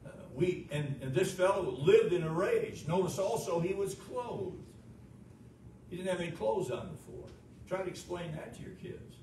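A man's voice: high-pitched, normal speed, mellow. Emphatic man preaching in echoey church. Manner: emphatic preaching with rhetorical questions. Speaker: pastor. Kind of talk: sermon. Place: church sanctuary. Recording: echoey room, distant mic, noisy.

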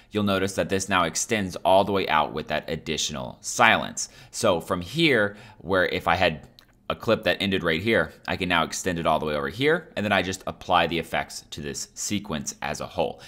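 A man hosting a software tutorial, explaining each step in a casual, upbeat way. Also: low-pitched. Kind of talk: screen-recorded software tutorial.

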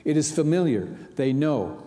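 Middle-aged guy preaching a sunday sermon, mellow voice, lots of uhs and restarts, echoey big church. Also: on the high side, animated, moderate pace. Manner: storytelling with frequent fillers and restarts. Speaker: minister. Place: large church sanctuary.

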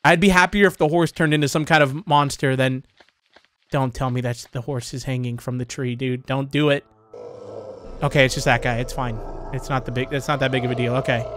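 A young man hosting a horror game let's-play, chatty and excitable with jumpy reactions. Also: medium pitch, fairly quick, slight background noise. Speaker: gaming channel host.

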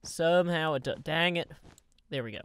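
A man's voice: fairly high pitch, normal speed, a bit bright, smooth, dry recording. A man hosting a Minecraft video, giving casual gameplay commentary full of playful, rambling asides to his viewers.

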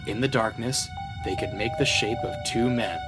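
A man's voice: on the low side, normal speed. A man reading a children's train story aloud in a storyteller style. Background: background music.

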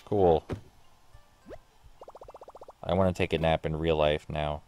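Deep-voiced guy playing a game and rambling, sarcastic, swears a lot, bit of music in the back. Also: fairly even intonation, slow, darkish tone. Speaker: gaming streamer. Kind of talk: casual let's play commentary.

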